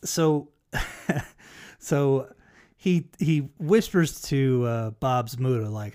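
Male podcast host, casual profane storyteller, mid-pitched voice. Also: animated, drawn-out words, darkish tone. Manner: profane storyteller, acts out quotes. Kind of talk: casual chat.

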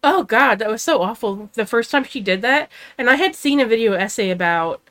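A woman chatting casually as co-host of a home-recorded talk series, relaxed and easygoing as she tells stories. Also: on the high side, a little fast. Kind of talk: casual chat.

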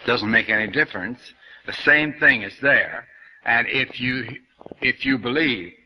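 A man's voice: medium pitch, unhurried, highs cut off. A man giving a New Thought spiritual lecture in a conversational, folksy way, quoting scripture as he goes. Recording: archival lecture recording.

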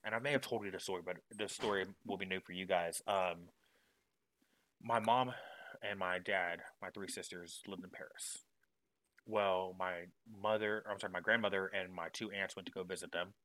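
Bright-voiced, joking podcast host. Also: male voice, lowish voice, no echo, poor audio. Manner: rambling, self-deprecating, jokey. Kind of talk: casual storytelling chat.

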